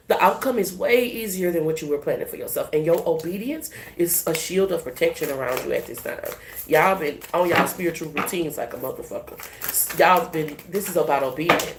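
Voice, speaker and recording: Profane animated woman tarot reader. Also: on the low side. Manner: profane, animated, laughing, emphatic. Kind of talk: casual spiritual reading. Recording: echoey room with faint hiss.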